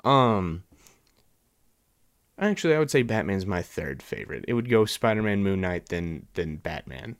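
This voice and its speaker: Man host, casual film chat, lowish voice, dry close sound. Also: expressive, moderate pace, no echo. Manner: rambling, with many fillers and restarts. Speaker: podcast host.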